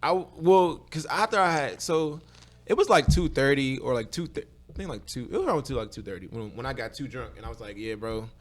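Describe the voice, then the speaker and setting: A man co-hosting a podcast, recounting a night out in casual chat, dropping low and quiet, then rising sharply. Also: animated, brisk. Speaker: podcast co-host.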